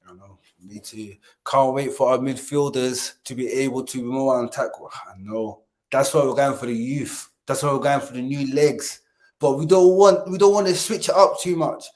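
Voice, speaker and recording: Co-hosting a casual football fan stream, a man speaks at a moderate pace in a steady, medium-pitched voice with a slightly mellow tone. He jokes, laughs a great deal, repeats phrases, and rallies viewers to like and subscribe.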